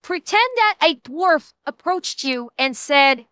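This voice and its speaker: A woman's voice: sits high, expressive, takes it slowly, few pauses, sharp tone, no echo, dull audio. A young woman streaming a reaction to a video, ranting in a profane, exasperated way.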